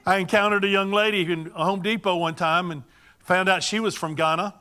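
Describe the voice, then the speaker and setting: An older man speaking to a church congregation in a bright, forward voice that sits a little high for a man. He tells his stories in a folksy, animated way and now and then calls out a greeting with gusto. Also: fairly quick, clean tone. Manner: animated, folksy storytelling with bursts of loud greetings. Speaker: church speaker for a mission ministry. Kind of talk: sermon-style storytelling to a congregation.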